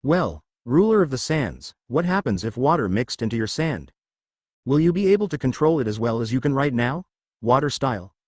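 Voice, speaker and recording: A confident young male ninja hero, a little preachy, in a fan-made anime storybook reading, which a man acts out. His delivery moves lively in pitch. The sound is dry and close. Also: normal speed, no echo.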